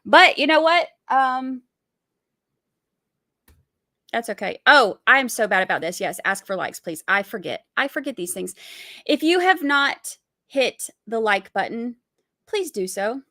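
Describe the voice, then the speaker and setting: A woman's voice: fairly high pitch, very animated, moderate pace, pushed and bright, no room sound. Chatty woman streamer, dry sound. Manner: chatty, giggly, rambling. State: sleep-deprived. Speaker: livestream host. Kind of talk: casual chat.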